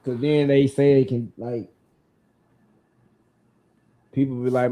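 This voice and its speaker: A man's voice: mid-range voice, level tone, takes it slowly, mellow. Loose-talking man searching for words. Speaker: guest. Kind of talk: casual conversation.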